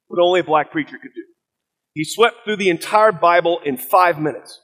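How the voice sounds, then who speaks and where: A middle-aged man, a pastor preaching a sermon, telling stories in an earnest, halting way with fillers and restarts. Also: high voice, fairly bright tone, rough recording.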